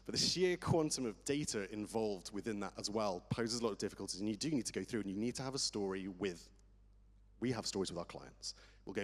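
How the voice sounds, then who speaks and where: A man's voice: fairly low pitch, expressive, fairly quick. A man speaking as a crypto tax advisor on a conference panel, eager and digressive, losing and finding his thread. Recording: reverberant conference hall.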